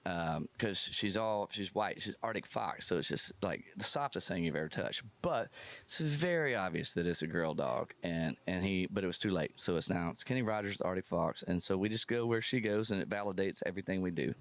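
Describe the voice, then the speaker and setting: A man being interviewed at a music festival, telling a story in a lively, self-deprecating, animated way. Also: sits low, brisk, no room sound. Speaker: musician guest.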